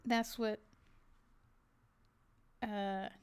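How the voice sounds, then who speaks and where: A woman livestreaming her art and chatting casually, often pausing to hunt for the right word. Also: medium pitch, flat delivery, a little mellow, clean tone. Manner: halting, searching for words with many fillers. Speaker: livestreaming artist. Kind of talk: casual chat while reacting to a video.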